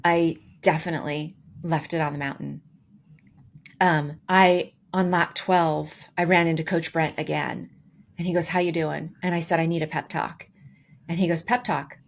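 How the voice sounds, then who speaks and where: A woman co-hosting a podcast, casually telling a story with lively, acted-out quotes. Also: low-pitched, moderate pace, vocal fry. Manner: animated, acts out quoted dialogue with voices. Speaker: podcast co-host.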